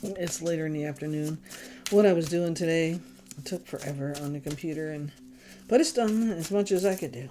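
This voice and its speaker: A woman's voice: low-pitched, a little fast, dark tone, faint music behind. Blunt, exasperated woman reading tarot. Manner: blunt, exasperated, swears freely. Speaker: tarot reader. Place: home, candles lit.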